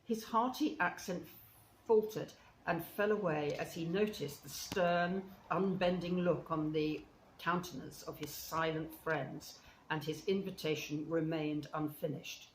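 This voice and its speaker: A woman reading a classic children's story aloud, with expressive, measured narration. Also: deep voice. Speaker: storybook reader. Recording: roomy with faint hiss.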